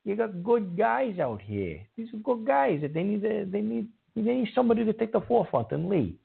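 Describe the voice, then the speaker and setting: A man hosts a call-in radio show, his voice gravelly and husky and pitched a bit high. His delivery swings all over the place as he scolds rude callers. The sound is narrow and phone-like. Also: very animated, fairly quick.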